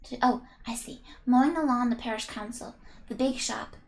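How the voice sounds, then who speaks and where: High-voiced playful woman streamer. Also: normal speed, darkish tone. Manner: playful, chatty, giggly, talks to chat. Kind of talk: live game stream, reading game text aloud.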